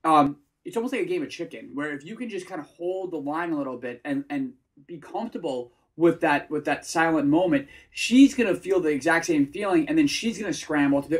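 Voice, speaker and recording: A man who coaches students on dating, talking in an animated, casual way and acting out example lines in mock voices. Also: a little high, brisk. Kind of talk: casual advice chat.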